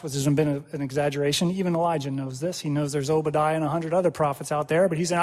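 A man preaching a sermon in an animated way, acting out quoted prayers and dialogue and laughing often. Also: fairly high pitch, fast talker, hardly any pauses. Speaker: pastor. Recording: long hall reverb.

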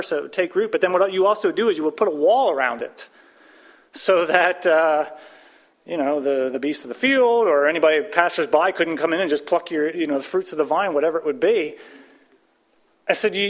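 A man giving a conversational Bible teaching, speaking casually with frequent restarts and pushing up his voice for emphasis. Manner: casual, restarts and fillers, rises in pitch and volume for emphasis.

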